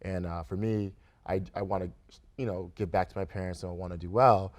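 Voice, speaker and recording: A young man with a fairly low voice talks easily as a studio interview guest. He laughs often and keeps things casual, dropping "right?" and "kinda" into his sentences. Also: steady tone, a little fast. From Grand Rapids, Michigan, USA. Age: young adult. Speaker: guest, restaurant owner. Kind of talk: relaxed interview conversation. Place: radio studio.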